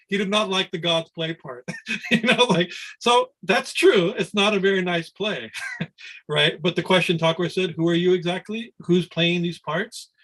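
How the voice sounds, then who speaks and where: A middle-aged swami teaches a scripture class over a video call, giving a rambling, conversational spiritual discourse full of restarts and asides of "right?". His voice sits high and fairly bright at normal speed, and the audio is poor.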